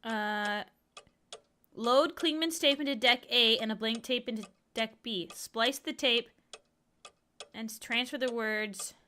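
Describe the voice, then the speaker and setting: A woman's voice: fairly high pitch, slow pace, pushed and bright, a little hiss or hum. A young woman streaming a point-and-click game, chatting casually with her viewers and exclaiming at the puzzles. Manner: chatty, exclamatory, talks to chat. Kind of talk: casual livestream gaming chat.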